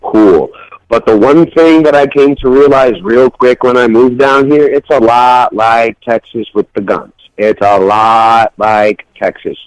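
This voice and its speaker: A man's voice: mid-range voice, fairly even intonation, a little slow, no echo, rough recording. Brash, profane man on talk radio. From New York. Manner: brash, profane, blunt and opinionated. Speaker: radio show co-host. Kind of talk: casual uncensored talk radio banter.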